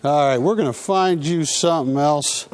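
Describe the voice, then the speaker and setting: A man hosting a live coin shopping broadcast, pitching coins with playful, joking salesman banter. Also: moderate pace. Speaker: coin sales show host.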